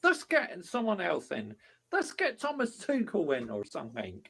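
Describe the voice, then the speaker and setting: A man, a football fan vlogger giving an angry rant to camera, shouting and swearing heavily. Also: high voice, huge pitch swings, normal speed, vocal fry, slightly rough. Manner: furious, shouting, heavy swearing.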